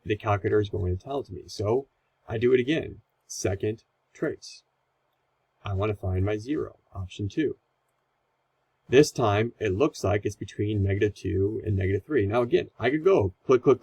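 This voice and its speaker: A man with a low, gravelly voice walks through a math lesson in a relaxed, chatty way. His tone is a little husky, with easy fillers as he explains each step. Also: no room sound, low-quality recording. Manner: casual, conversational explaining with fillers. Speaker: math teacher.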